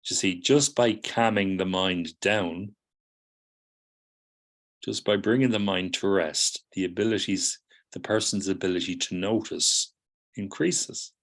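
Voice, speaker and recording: A middle-aged man teaching psychotherapy students, explaining patiently, often checking in with "do you see?" and acting out people's replies. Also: sits low. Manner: acts out students' replies in quoted voices. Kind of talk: lecture to students.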